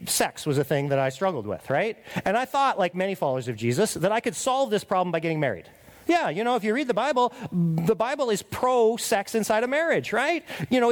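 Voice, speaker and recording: A middle-aged man preaching a sermon as pastor, confessional and emphatic, tagging points with "right?" and dropping to a quiet, earnest voice in prayer. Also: sits high.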